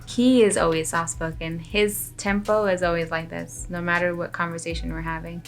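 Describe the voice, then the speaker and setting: A woman's voice: lowish voice, steady tone, normal speed, soft background music. A woman chatting casually on a couple's vlog, talkative and laughing often. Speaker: vlogger, wife.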